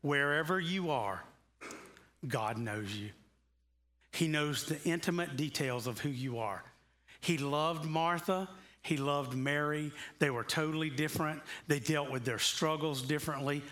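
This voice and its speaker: A pastor delivers a sermon from the pulpit of a church. His voice sits a little high and rings bright. He talks in a loose, conversational way and then builds to earnest, passionate emphasis. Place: church sanctuary.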